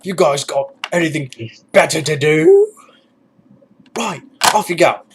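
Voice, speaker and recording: A man putting on a gruff, sarcastic army sergeant major who barks orders in a raised voice. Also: fairly high pitch, huge pitch swings, a little slow, a little hiss or hum, pitched above the performer's own voice, full character voice. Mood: barking.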